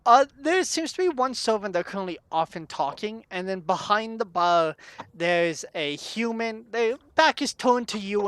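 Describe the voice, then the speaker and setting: Male game master, relaxed scene narration, bright tone, dry close recording. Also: on the high side, clean tone, no room sound. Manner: descriptive, relaxed, with fillers.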